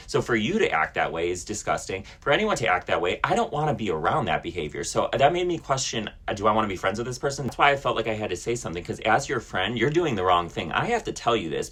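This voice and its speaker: A man's voice: fairly low pitch, big pitch swings, quick pace, hardly any pauses, fairly bright tone, slightly rough. A man venting bluntly to camera in a casual storytime vlog, indignant and swearing. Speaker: vlogger.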